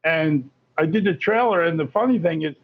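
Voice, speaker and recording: A man talking as a guest on an interview show, chatty and animated, often restarting his sentences. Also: on the high side, brisk. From Florida. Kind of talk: casual interview talk. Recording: lo-fi muffled audio.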